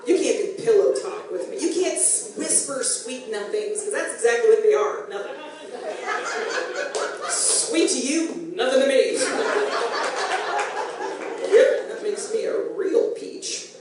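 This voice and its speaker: A middle-aged woman performing a self-deprecating stand-up comedy set, chatty with animated asides. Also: a little high, moderate pace, background noise. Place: comedy club stage, live audience. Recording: echoey room, distant, faint ambience.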